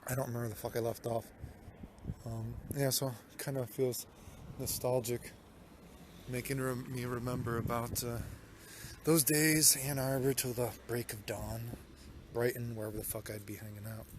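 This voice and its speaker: A man's voice: mid-range voice, level tone, normal speed, background noise. A young man vlogging while walking city streets at night, rambling and swearing, talking into a handheld phone. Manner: profane, rambling, lots of "dude". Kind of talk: casual vlog narration.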